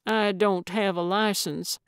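Brief: cheeky, quick-witted old lady detective, read by a woman narrator, slow and dry. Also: mid-range voice, steady tone, smooth, no echo, natural voice. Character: feisty eccentric elderly woman sleuth.

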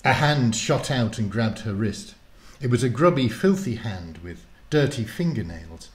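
A man, the author, introducing and reading his children's book aloud in a lively, casual way. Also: medium pitch, unhurried, roomy sound, slight background noise. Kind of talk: storybook reading.

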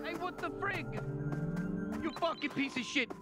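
A man's voice: very high voice, measured pace, loud music behind the voice. An actor playing a hotheaded, foul-mouthed male construction worker who sputters profane threats in a video game. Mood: flustered.

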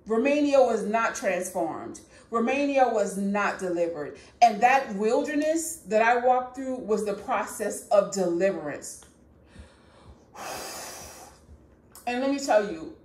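Fervent high-voiced woman preaching. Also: darkish tone, echoey room. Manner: fervent, emphatic, repetitive, laughs between points. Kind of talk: prophetic sermon.

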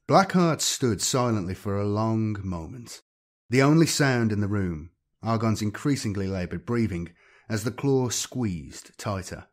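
Male audiobook narrator for sci-fi fiction, low husky voice, steady delivery. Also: a little slow.

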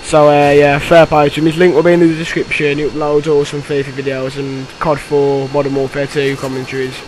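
Young guy rambling over his gameplay, lotsa ums, slightly high voice, bit of hiss. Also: a little fast, rough recording. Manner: rambling, filler-heavy, bursts of excitement. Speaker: gameplay commentator. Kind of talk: casual game commentary.

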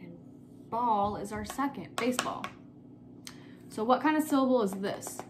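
A young woman teaching a remote spelling lesson to young children, slowly repeating each word and spelling it out letter by letter. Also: on the high side, animated, background noise. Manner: slow, patient, repeats words and spells them letter by letter.

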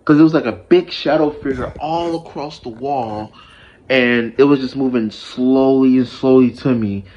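A man's voice: mid-range voice, moderate pace, dull audio. A man telling a personal story in a casual vlog, rambling with lots of fillers and restarts.

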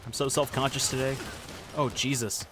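A man's voice: medium pitch, steady tone, normal speed, noisy background. A young man streaming a game, chatting and joking in casual commentary with self-conscious asides.

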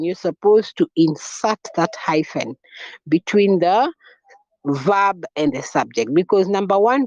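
Woman teacher, unhurried, repeats and spells out terms, quizzes the class; muffled lo-fi audio. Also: fairly low pitch, a little mellow, no echo. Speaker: French teacher. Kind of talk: classroom lesson. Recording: dull lo-fi recording.

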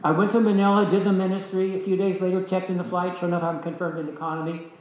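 Older male teacher, slightly high voice, lively storyteller, echoey room with faint noise. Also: quick pace. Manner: lively anecdotal storytelling, voices the people in his stories. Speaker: discipleship school teacher. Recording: echoey hall.

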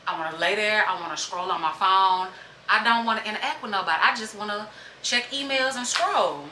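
A woman's voice: mid-range voice, animated, a little fast. A woman chatting casually to her viewers in a travel vlog, filmed on a handheld phone. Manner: chatty, addresses viewers as y'all. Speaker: vlogger. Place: city streets and a small hotel room. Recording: echoey with loud street noise.

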